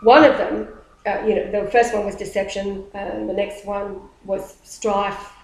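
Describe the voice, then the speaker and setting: A woman telling a story in casual talk, animated and rambling, often restarting her sentences. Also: medium pitch, measured pace, gravelly. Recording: roomy echo.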